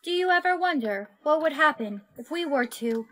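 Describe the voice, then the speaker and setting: Curious girl robot from a tts woman voice, high, flat synthetic tone. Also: moderate pace. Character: curious female household robot.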